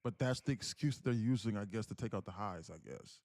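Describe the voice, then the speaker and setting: On his day-trading livestream, a man reads chat aloud and talks in an animated, slangy way, cursing now and then. His pitch is fairly low, and he speaks a little fast.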